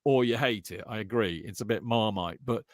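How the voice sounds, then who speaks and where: A man's voice: on the low side, brisk, dry recording, clean studio sound. A man co-hosting a football podcast, chatting casually with friends, bantering, restarting sentences and calling people mate. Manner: animated, banter-filled, stammering restarts, calls others mate. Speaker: podcast co-host.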